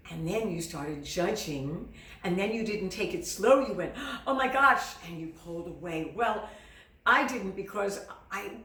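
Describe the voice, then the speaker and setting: A middle-aged woman teaching singing in an earnest, encouraging way, slipping into the worried voices of her students. Her voice sits at an ordinary pitch and is heard from a little way off the mic in an echoey room. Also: recorded from a distance. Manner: earnest, encouraging, acts out students' inner doubts. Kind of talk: direct-to-camera teaching.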